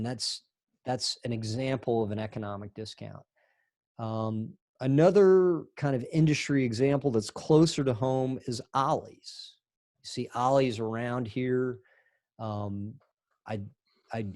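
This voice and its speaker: Mężczyzna prowadzący swobodny wykład. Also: male voice, fairly low pitch, darkish tone, dry recording, clean studio sound. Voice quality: conversational, rambling asides. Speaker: instructor. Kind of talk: recorded lecture.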